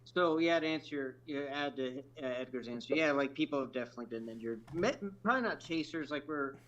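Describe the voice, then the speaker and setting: A man from Oregon, a fellow storm chaser, chatting casually on a livestream in a relaxed, agreeable way. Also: medium pitch, quick pace, highs cut off. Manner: relaxed, agreeable, lots of filler words.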